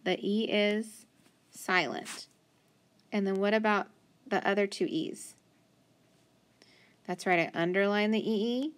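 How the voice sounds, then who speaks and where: Woman reading teacher, mid-pitched, unhurried, patient phonics coaching for kids. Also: steady tone. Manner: slow, patient, sounding words out. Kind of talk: phonics lesson for children.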